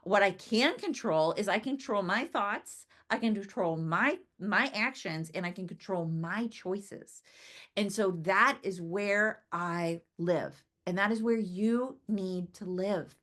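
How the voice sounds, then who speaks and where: A woman's voice: mid-range voice, slow pace, fairly bright tone. Chatty woman giving a motivational talk. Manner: chatty, laughs often, keeps asking "right?". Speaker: business trainer.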